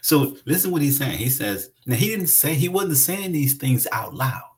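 A man's voice: mid-range voice, sing-song, normal speed. A man preaching a conversational sermon, emphatic and repeating his phrases for weight.

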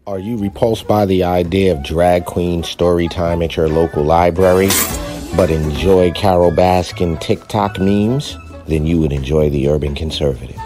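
A man voicing a brash, street-talking ad pitchman in a comedic promo skit, speaking in a hyped, high-pitched patter over music. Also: normal speed, close to an everyday voice.

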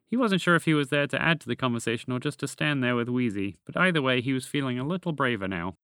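Man, storybook narrator, podcast host, gentle measured reading, middle pitch, dry close recording. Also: animated, smooth, no echo.

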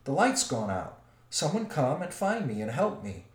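A man's voice: fairly high pitch, big pitch swings, moderate pace. Bilbo, a fretful little hobbit as a man voices him. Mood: crying out. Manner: fretful, anxious. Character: timid small male hobbit burglar. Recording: roomy echo.

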